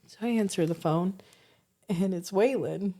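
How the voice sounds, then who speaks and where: A woman's voice: on the low side, a little slow, dark tone. A woman in her forties co-hosting a casual chat podcast, telling family stories with lots of laughter and casual swearing. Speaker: podcast co-host.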